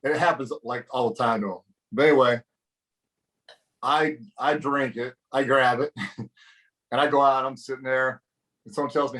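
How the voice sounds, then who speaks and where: A man's voice: medium pitch, fairly even intonation, normal speed, pauses often, fairly bright tone. A man, a former pro wrestler, casually telling a locker-room story in a profane, laid-back way.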